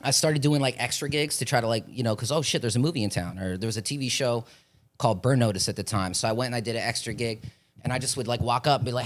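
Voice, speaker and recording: A man's voice: medium pitch, quick pace. A young man from Florida, an actor, telling rambling, profane stories in a casual chat and acting out the voices of the people in them. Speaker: podcast guest, actor.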